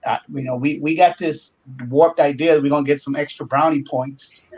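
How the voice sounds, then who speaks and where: A man's voice: a little high, fairly even intonation, moderate pace, darkish tone, husky, low-quality recording. A man on a podcast panel, speaking reflectively and thinking aloud, with frequent fillers. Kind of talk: casual discussion.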